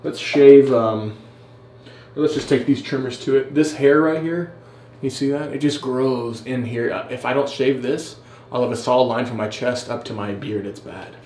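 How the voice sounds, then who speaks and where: A man's voice: mid-range voice, normal speed, warm tone, a little hiss or hum. A man hosting a casual vlog, rambling and self-deprecating while he trims his beard. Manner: rambling, self-deprecating, lots of fillers and restarts. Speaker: host. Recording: roomy echo.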